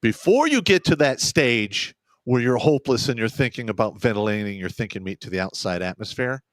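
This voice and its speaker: Animated, profane male show host. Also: medium pitch, fairly quick, dry recording. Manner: profane, blunt, animated storytelling. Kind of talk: casual chat.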